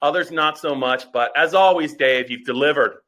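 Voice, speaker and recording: A man's voice: fairly high pitch, moderate pace, sharp tone. A middle-aged man co-hosting a podcast in casual chat, agreeable and chiming in with short replies. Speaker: podcast co-host.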